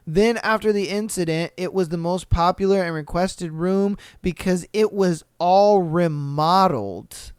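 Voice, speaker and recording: An animated male podcast host reads listener stories and then riffs on them, swearing freely and jumping into little acted-out voices. His voice is smooth and clean, recorded close on a dry mic. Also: high voice, a little slow, dry recording. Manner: animated, profane, acts out bits in funny voices. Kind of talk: reading and reacting to stories.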